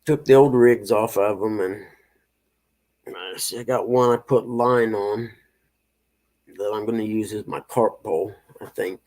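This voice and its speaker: A man's voice: on the low side, a little slow, long pauses, darkish tone. A man in his fifties hosting a casual morning live stream, chatting with viewers in a laid-back way and chuckling often. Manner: laid-back, chuckling, reads chat aloud.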